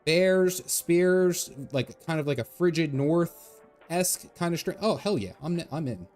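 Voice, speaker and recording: A man's voice: on the high side, animated, unhurried, darkish tone, faint music behind. A man streaming a game, chatting casually and rambling as he answers his chat. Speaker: gaming streamer. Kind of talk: casual live-stream chat while gaming.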